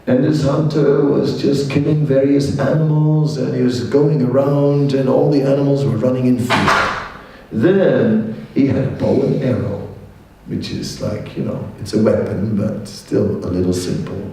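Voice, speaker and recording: A man, a monk giving a scripture class, telling a fable in an animated way with chatty asides. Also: medium pitch, a little slow. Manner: animated storyteller, acts out voices, chatty asides. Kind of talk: lecture storytelling. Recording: echoey hall from far off.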